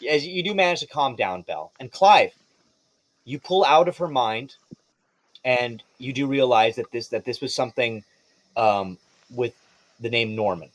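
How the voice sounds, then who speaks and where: A male game master running a tabletop game, rambling and restarting his sentences and laughing often. His voice is mid-pitched and sounds dry and close, with no room echo.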